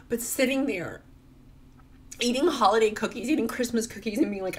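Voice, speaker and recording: A middle-aged woman from rural Virginia cries as she talks in an emotional personal vlog, her mid-range voice moving at a moderate pace. She's confessional and rambling, saying "like" a lot.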